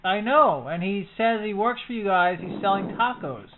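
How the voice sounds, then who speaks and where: A man's voice: high-pitched, lively intonation, normal speed, a loud crowd. A man making a prank call in a mock-earnest, innocent tone. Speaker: prank caller. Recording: tinny phone line.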